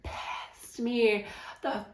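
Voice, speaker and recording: A woman giving a frank, animated book wrap-up in a casual vlog, swearing now and then. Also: on the high side, drawn-out words, reverberant. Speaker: book reviewer.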